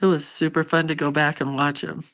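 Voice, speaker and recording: A woman's voice: low-pitched, level tone, fairly quick, fairly bright tone. A middle-aged woman hosting a casual live stream, chatting with her viewers and reading out their comments in a rambling, familiar way.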